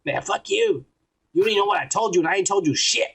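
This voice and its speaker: A brash, crude man with a high voice that keeps a gravelly edge. He banters and teases in rough podcast talk, and he often shouts. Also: fast, poor audio. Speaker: podcast co-host. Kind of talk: profane drunk banter.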